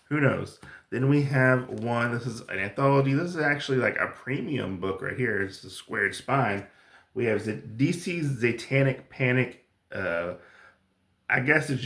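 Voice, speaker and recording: Chatty man with a gravelly voice. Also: mid-range voice, roomy sound. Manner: enthusiastic, rambling with fillers. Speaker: comic book YouTuber. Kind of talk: casual haul review.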